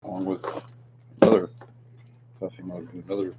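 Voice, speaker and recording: Low-key man with a deep-ish voice, relaxed and offhand, on a hissy dull recording. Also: fairly quick. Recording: dull lo-fi sound with clear hiss.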